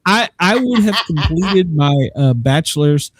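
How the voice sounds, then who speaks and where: A man's voice: a little high, animated, a little slow, a crowd in the background. A man hosting a podcast in casual chat, rambling and self-mocking and often breaking into laughter. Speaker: podcast host.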